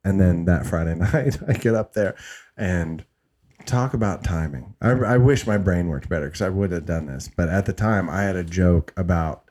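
A man's voice: low-pitched, normal speed, darkish tone. A man, a stand-up comedian, telling rambling stories with frequent swearing and restarts in a casual chat.

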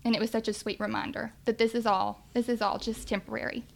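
A woman's voice: on the high side, little pitch movement, fast talker, gravelly. A woman, earnestly telling her family's faith testimony. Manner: earnest, emotional, faith-filled. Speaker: mother sharing a testimony. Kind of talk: personal testimony storytelling.

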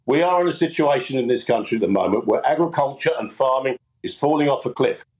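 A man's voice: mid-range voice, animated, fast, darkish tone, poor audio. A man, a fruit farmer, speaking earnestly and emphatically in a television interview.

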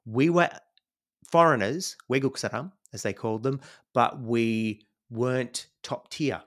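A middle-aged Australian man, a guest on a podcast, recounts his life story in a medium-pitched, slightly slow voice. His telling is reflective and rambling, full of "you know"s, like conversational storytelling.

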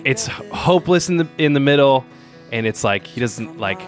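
A man's voice: medium pitch, expressive, moderate pace, soft background music. A man in casual podcast chat, earnest and rambling with fillers.

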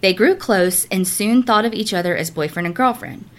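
A woman co-hosting a podcast, reading listener stories aloud in an animated, casual way, swearing now and then. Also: medium pitch, normal speed. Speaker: podcast co-host.

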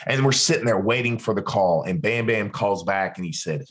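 A man's voice: on the low side, moderate pace, hardly any pauses. A man, a former interrogator telling a story in an interview, acting out what other people said. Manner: animated, acts out other people's lines. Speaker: guest, former military interrogator.

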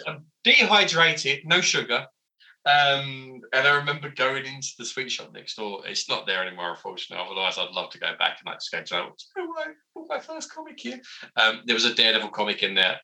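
A man, a comic book writer telling animated, self-mocking stories as an interview guest, full of fillers. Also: mid-range voice, low-quality recording. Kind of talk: casual interview storytelling.

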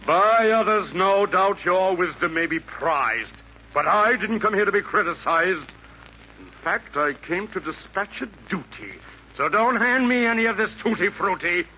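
A man's voice: high voice, expressive, measured pace. A man playing a vain, boastful Nero in 1940s radio acting, blustering in rhyme with sudden theatrical swings, on a tinny old broadcast with faint hiss. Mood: swaggering. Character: vain boastful emperor Nero, a devil's hired killer.

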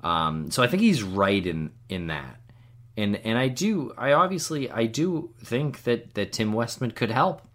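A man co-hosting a podcast who speaks in a measured, calm way. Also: medium pitch. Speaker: podcast co-host. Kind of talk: casual discussion.

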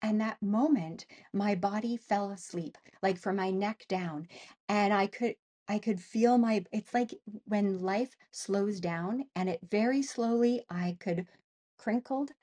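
Speaking slowly in a mid-range voice, a middle-aged woman from Canada recounts an emotional personal story as an interview guest. She is animated, acts out voices, and leans on many fillers.

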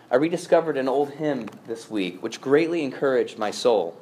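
A man preaching with a fairly high voice for his sex. He talks in an earnest pastor's sermon style, dropping to a near hush and then rising hard for emphasis. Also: lively intonation, normal speed, hardly any pauses, slight background noise.

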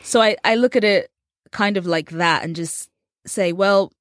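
An English journalist in her thirties, appearing as an interview guest, tells stories animatedly and acts out the voices of people she quotes. Her voice is on the low side at a moderate pace, in studio-quality audio with no echo.

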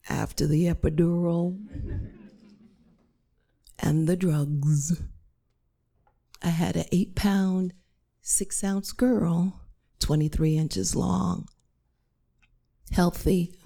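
A woman's voice: on the low side, gravelly, dark tone. A woman telling a personal story in a dramatic, emphatic way, with lots of repetition.

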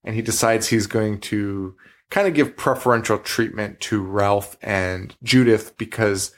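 A man's voice: lowish voice, unhurried. A man co-hosting a horror podcast, recapping a movie in casual chat, swearing freely, laughing often and acting out the characters' lines. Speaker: podcast co-host.

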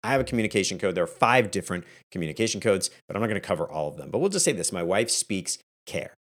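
A man's voice: low voice, racing. A man hosting a solo podcast, speaking energetically and conversationally as a leadership coach. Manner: energetic and conversational, acting out quoted family moments.

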